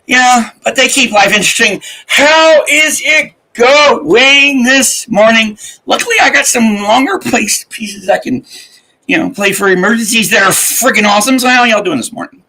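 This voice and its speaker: Chatty high-voiced man, husky and bright. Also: expressive, moderate pace, rough recording. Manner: rambling, laughing, swearing, chatty. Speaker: livestream host. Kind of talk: casual live-stream chat.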